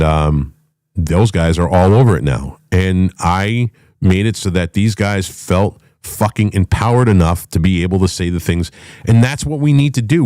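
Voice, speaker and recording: A middle-aged man hosting a talk show, ranting with loud, profane, emphatic delivery and a voice that swings up and down. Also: fairly low pitch, dry recording, studio quality. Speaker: podcast host.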